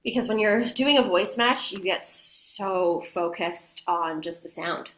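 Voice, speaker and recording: A woman voice actor chatting as a guest in an interview, bubbly and quick to laugh. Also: medium pitch, fairly bright tone, reverberant. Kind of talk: casual interview chat.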